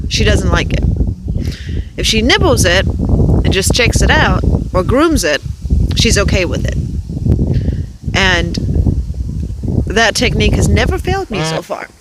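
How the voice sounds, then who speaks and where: A woman from Arizona chatting outdoors on a windy day, cooing to her pet goose in sing-song baby talk. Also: medium pitch. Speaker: pet goose owner vlogging. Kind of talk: casual chat to camera and pet. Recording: wind noise outdoors. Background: wind gusts.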